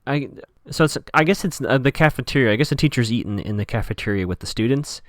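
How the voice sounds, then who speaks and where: A man's voice: medium pitch, lively intonation, fast, no room sound, clean studio sound. A man hosting a podcast, chattily recapping a TV episode and quoting characters in playful voices. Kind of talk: casual recap chat.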